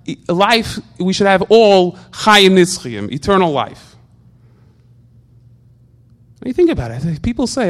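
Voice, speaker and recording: High-voiced man giving an informal religious talk. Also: measured pace, long pauses. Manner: repetitive stammering restarts, animated rhetorical questions.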